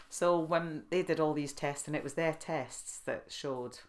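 Low-voiced woman telling stories. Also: a little fast, few pauses. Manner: lively storyteller who laughs often and acts out quoted speech. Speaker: guest. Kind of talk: casual interview storytelling.

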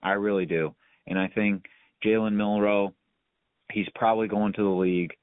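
Male host, deep voice, rambling emphatic sports talk, phone-like dry audio. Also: steady tone, moderate pace, dry recording. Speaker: podcast host. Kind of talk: casual sports chat.

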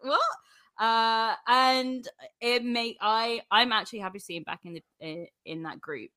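A woman's voice: fairly high pitch, fairly even intonation, normal speed, sharp tone, no echo, studio quality. A young woman co-hosting a podcast, chatting casually, teasing and laughing often. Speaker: podcast co-host. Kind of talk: casual chat.

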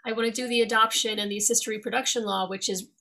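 A middle-aged woman from New York with no regional accent, a lawyer speaking as a guest in an interview in an articulate, friendly, measured way. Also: on the high side, fairly even intonation, sharp tone. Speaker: guest, attorney. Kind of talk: interview conversation.

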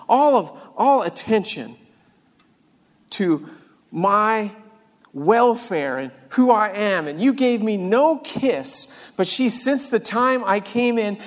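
A man preaching a sermon, moving between quiet scripture reading and fervent, exclaimed prayer. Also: high voice, in a large hall.

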